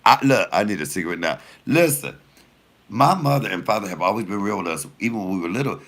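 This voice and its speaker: A comedian with a lowish voice talks fast, casually telling profane stories straight to his viewers with a laugh running through his words. He's animated and addresses the audience directly.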